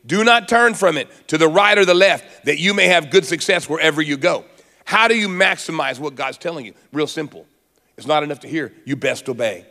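A man preaching a sermon as pastor of his church, moving from quiet teaching to fervent, rising exhortation. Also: fairly high pitch, brisk, big-room sound.

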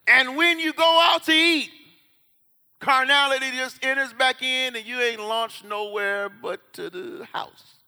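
A man preaching a sermon as pastor, swinging between quiet, low asides and loud shouts, and acting out the voices of Bible characters. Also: a little slow, clean tone. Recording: hall reverb.

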